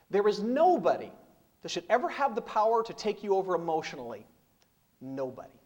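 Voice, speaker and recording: A middle-aged man with a high-pitched, darkish voice gives a live seminar talk as a business speaker. He addresses the audience emphatically, leaning on rhetorical questions and repeated punchlines.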